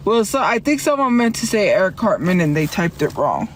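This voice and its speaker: Very animated and medium-pitched, this woman broadcasts live from inside a car, chatting in a wandering, defensive way and laughing quickly at her chat, with slight noise in the background.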